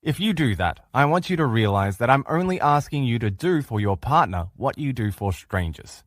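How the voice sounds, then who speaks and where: A man's voice: mid-range voice, lively intonation, normal speed, dry recording, clean studio sound. A middle-aged man teaching a recorded relationship-coaching lesson in an earnest, coaching manner. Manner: earnest, coaching, acts out quoted replies in changed voices.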